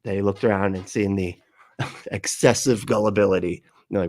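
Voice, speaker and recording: A man's voice: fairly low pitch, steady tone, moderate pace, darkish tone, dry recording. A man hosting a livestream, reacting to clips with sarcastic, swearing commentary and frequent laughs. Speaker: livestream host.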